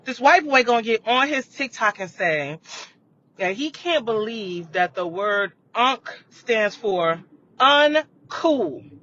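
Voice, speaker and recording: A high-pitched man with a bright, sharp voice rambles through a casual livestream chat and keeps checking in with his viewers. The audio is muffled and lo-fi, with a faint rumble underneath. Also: animated, a little slow. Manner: rambling, talks straight to viewers, frequent "you know what I mean". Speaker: livestream host. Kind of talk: casual live chat commentary on current events.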